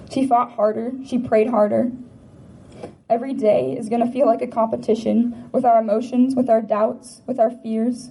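Earnest woman, mellow and fairly high, reading a memorial tribute over faint noise. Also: poor audio. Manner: earnest, rhythmic, repeating phrases. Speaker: memorial speaker, friend.

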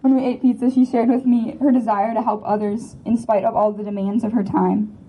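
A woman's voice: on the high side, level tone, fairly quick, mellow, slight background noise, rough recording. A woman giving a prepared memorial tribute, earnest and rhythmic, repeating phrases. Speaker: memorial speaker, friend.

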